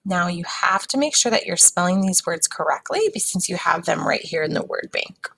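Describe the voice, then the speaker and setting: A woman teacher giving a recorded phonics lesson to young students, patient and sounding words out slowly. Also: lowish voice, lively intonation, gravelly, a bit bright, a little hiss or hum, rough recording.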